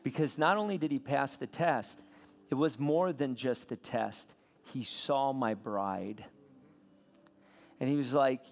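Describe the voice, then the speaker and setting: Gravelly pastor guy preaching, big loud bursts then quiet bits, long hall echo. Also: mid-range voice, slow. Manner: animated storytelling with sudden loud peaks. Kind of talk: sermon. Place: church sanctuary.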